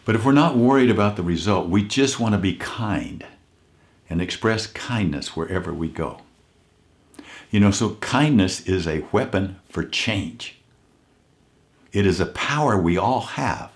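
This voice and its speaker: A man giving an earnest inspirational talk, telling a story and slowing down to stress key points. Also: fairly low pitch, lively intonation. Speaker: motivational speaker.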